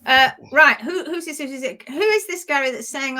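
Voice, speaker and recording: A woman hosting a casual live stream, chatty and quick to laugh as she greets viewers by name. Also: high-pitched, expressive, pushed and bright.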